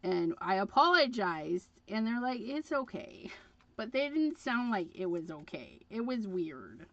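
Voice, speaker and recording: A woman's voice: mid-range voice, sing-song, unhurried, a bit bright, dry recording. A woman hosting a crafting livestream, chatting casually and rambling with frequent fillers as she works. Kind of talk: casual chat while crafting. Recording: dull lo-fi livestream audio.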